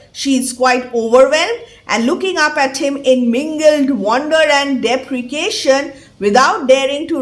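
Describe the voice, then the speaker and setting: A high, lilting female voice. She teaches at an unhurried pace, reading each line of the text and then patiently explaining it in plain words. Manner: reads a passage aloud, then glosses words and explains in plain terms. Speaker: English teacher. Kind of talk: line-by-line literature lesson.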